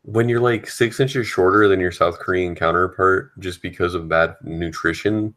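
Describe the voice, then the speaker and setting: A man with a very deep voice chimes into a casual panel chat. His remarks are offhand and dry, delivered without fuss. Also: fairly even intonation, moderate pace, a bit bright.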